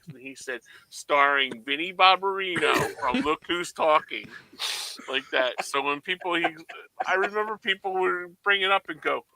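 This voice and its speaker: A man's voice: on the high side, a little hiss or hum, rough recording. A man co-hosting a podcast, telling an anecdote in casual chat and acting out other people's lines. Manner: animated anecdote teller who acts out other people's lines. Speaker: podcast co-host.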